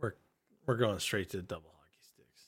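A man's voice: on the low side, moderate pace, breathy edge. A man co-hosting a wrestling podcast in casual chat. He jokes and teases, and laughs often. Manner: joking, teasing, laughs often. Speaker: podcast co-host.

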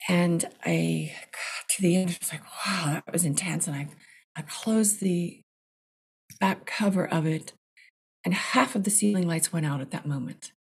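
Woman screenwriter telling her story, raspy gravelly voice, gets really animated. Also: fairly low pitch, unhurried. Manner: animated, restarts often, acts out her own reactions. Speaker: screenwriter guest. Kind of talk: casual storytelling interview.

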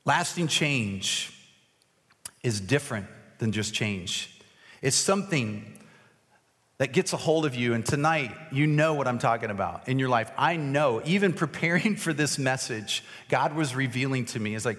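A man's voice: medium pitch, animated, moderate pace, a bit bright. A man preaching as a pastor, casual and self-deprecating, joking with volunteers during an object lesson, his voice a little cracked. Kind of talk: sermon with a live object lesson. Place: large hall with an audience. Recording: long hall reverb.

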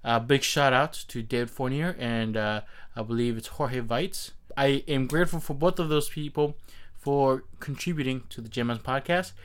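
Chatty podcast host, smooth voice. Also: male voice, medium pitch, normal speed. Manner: chatty, self-deprecating, animated bursts. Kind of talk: casual podcast intro. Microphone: XLR studio mic.

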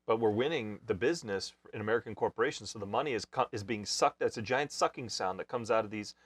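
A man's voice: on the low side, quick pace, breathy edge, dry recording. A man hosting a podcast panel, playing devil's advocate to stir debate. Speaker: host.

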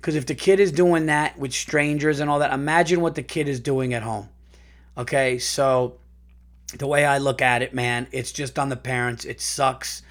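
A man hosting a podcast, reading a listener's story aloud and reacting in casual, profane, animated chat. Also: medium pitch, moderate pace.

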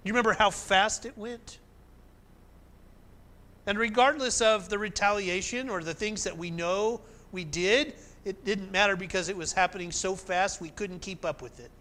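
A male pastor preaching a sermon in an animated way, climbing to emphatic peaks and then dropping soft. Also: high-pitched, moderate pace.

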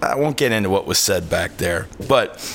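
Animated swearing male storyteller, lowish voice. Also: normal speed, vocal fry, a little hiss or hum. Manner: animated storyteller, swears freely, acts out quotes. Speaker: podcast host. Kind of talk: casual storytelling chat.

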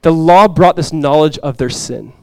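A male pastor preaching a sermon to his congregation, swinging from loud, impassioned lines to quiet, soft ones. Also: fairly high pitch, normal speed, smooth, dry recording. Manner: impassioned preaching, swells loud for quoted cries then drops soft. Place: church sanctuary before a congregation.

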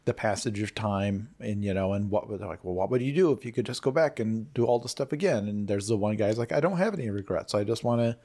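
A man's voice: fairly low pitch, fairly quick, few pauses, mellow. A man talking casually about movie trailers on a podcast, musing and opinionated, with frequent restarts. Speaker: podcast panelist.

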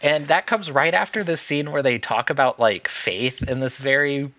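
A man's voice: medium pitch, moderate pace, sharp tone, a little hiss or hum. A man co-hosting a podcast, chatting casually about a bad movie, hesitant and rambling with frequent laughs. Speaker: podcast co-host.

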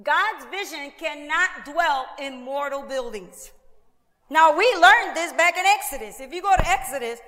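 A woman pastor preaching a lively sermon, acting out quoted voices with asides to the congregation. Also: sits high, a little slow, long reverb tail.

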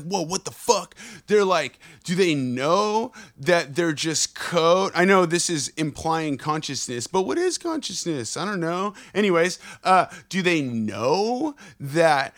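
A man hosting his own podcast, rambling excitedly through a profane, casual monologue full of asides. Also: on the high side. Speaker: podcast host. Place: on the road.

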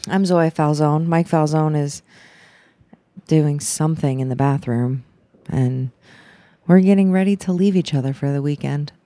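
A woman's voice: low-pitched, mellow, dry recording. Chatty young woman podcast host. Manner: rambling, chatty, laughs often. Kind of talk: casual chat.

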